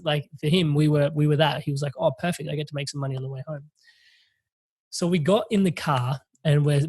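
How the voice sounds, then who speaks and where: Animated man telling a story. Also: a little high, no room sound. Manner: animated, swearing, laughing through a story. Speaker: podcast host. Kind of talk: casual storytelling.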